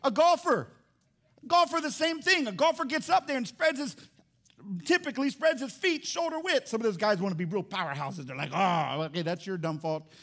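Animated high-voiced preacher man. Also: brisk. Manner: animated, swings from loud emphasis to hushed low lines. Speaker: pastor. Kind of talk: sermon. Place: church service.

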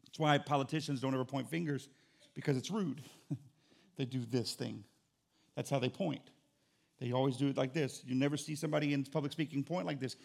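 A middle-aged man preaching a sermon as pastor, conversational and joking, with an animated delivery. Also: medium pitch, vocal fry.

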